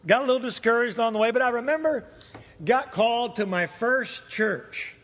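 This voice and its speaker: Man, middle-aged, pastor, animated sermon storytelling, high-pitched, long hall echo. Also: moderate pace. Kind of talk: sermon with personal stories.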